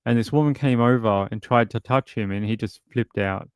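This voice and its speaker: A man's voice: medium pitch, a little fast, clear, resonant tone, no echo, clean studio sound. A man hosting a true crime live stream, reading news and viewer comments with blunt, mocking commentary. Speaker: true crime show host.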